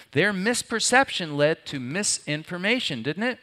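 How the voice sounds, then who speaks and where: A pastor delivers a sermon to his congregation, his voice bright and ringing. He keeps turning to his listeners with rhetorical questions, and his pitch sits in the middle range for a man. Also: animated, a little slow. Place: before a live congregation.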